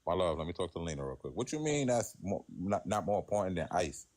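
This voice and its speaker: Fast-talking deep-voiced joking man. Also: sing-song, a little mellow. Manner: joking, flirty, provocative. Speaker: guest caller in a livestream debate. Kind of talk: casual trolling banter.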